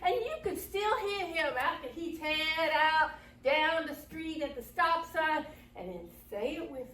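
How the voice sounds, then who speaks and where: A woman's voice: high voice, expressive, unhurried, a bit bright. Folksy woman storyteller in an echoey hall. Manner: folksy, drawling, laughs along with the audience. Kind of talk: live folk tale telling. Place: community center hall. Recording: echoey hall, far mic, noisy.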